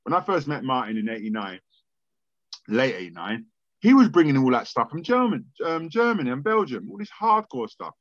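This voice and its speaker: Animated man telling stories. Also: mid-range voice, moderate pace, no echo. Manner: lively storyteller, swears freely, acts out conversations. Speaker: podcast guest. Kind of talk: animated storytelling interview. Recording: dry, slightly dull podcast audio.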